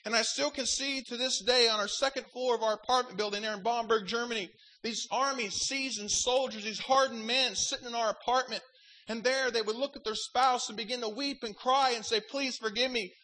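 Very high-voiced bright pastor preaching. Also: male voice, steady tone, brisk, poor audio. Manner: fervent preaching with wry asides. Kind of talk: sermon.

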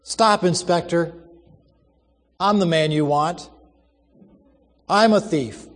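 A man playing a gentle, self-sacrificing old convict. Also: fairly high pitch, takes it slowly, in a large hall. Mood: pleading. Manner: gentle, pleading, quietly resigned.

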